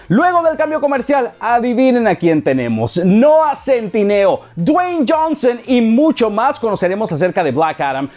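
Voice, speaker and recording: A man's voice: high voice, a little mellow. A man presenting a TV entertainment show in an upbeat, promotional way. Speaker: show host. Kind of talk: scripted TV presenting.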